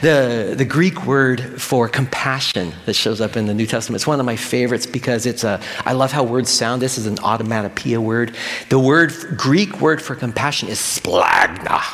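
A man preaching a sermon in an animated way, repeating key phrases and speaking directly to the congregation. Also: medium pitch, normal speed, big-room sound. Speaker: pastor.

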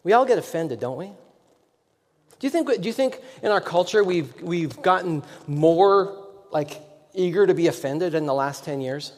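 A man's voice: on the high side, expressive, unhurried, darkish tone. A man preaching a sermon as a pastor, telling a story in a rambling, self-deprecating way with many restarts. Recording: long echoing hall reverb.

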